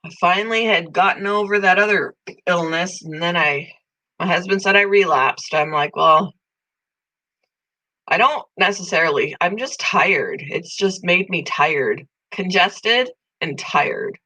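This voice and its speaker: A woman's voice: lowish voice, measured pace, low-quality recording. A middle-aged woman hosting a casual live-stream chat, congested and tired, talking easily with viewers by name. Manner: chatty, talks to viewers by name, coos softly over pets. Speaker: channel host.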